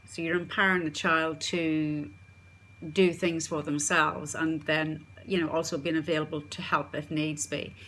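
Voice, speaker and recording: A woman's voice: sits low, little pitch movement, normal speed, a bit bright, slight background noise. A woman coaching parents in an instructional talk, earnest and repeating key phrases for emphasis.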